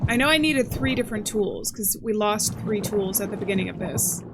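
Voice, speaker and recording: A woman hosting a let's play, chatting casually and thinking aloud as she plays, with excitable gasps. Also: fairly high pitch, noisy background. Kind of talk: casual gameplay commentary. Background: game music.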